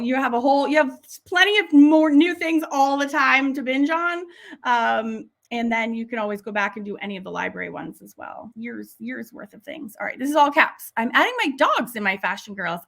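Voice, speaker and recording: Bubbly bright-voiced woman live-streaming. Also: a little high, gravelly. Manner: bubbly, enthusiastic, laughs often. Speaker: online art teacher hosting a live stream. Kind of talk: casual live-stream chat reading comments.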